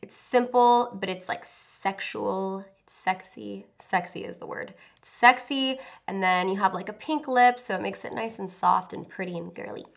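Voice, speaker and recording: A young beauty vlogger with a medium-pitched, gravelly voice talks at normal speed with hardly any pauses through a makeup tutorial. She just woke up and sounds a little sleepy, chatty and joking at her own expense as she explains each step.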